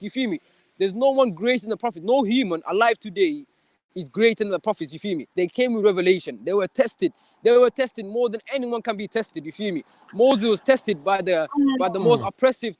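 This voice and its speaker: Fast combative young man. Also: high voice, a little mellow, no echo. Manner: combative, fast street slang, repeats "you feel me". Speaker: debater. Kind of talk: heated live debate.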